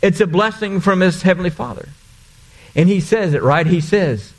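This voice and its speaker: Earnest high-voiced male pastor preaching. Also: normal speed. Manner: earnest, repeats phrases for emphasis. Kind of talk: sermon.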